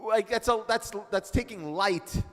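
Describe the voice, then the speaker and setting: A man's voice: high-pitched, measured pace, fairly bright tone, voice pushed up. Guy doing a fed-up new-arrival husband, griping, big hall echo. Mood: exasperated. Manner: complaining, full of asides. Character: exasperated male newcomer husband from Babylon. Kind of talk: role-play in text study. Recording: reverberant hall.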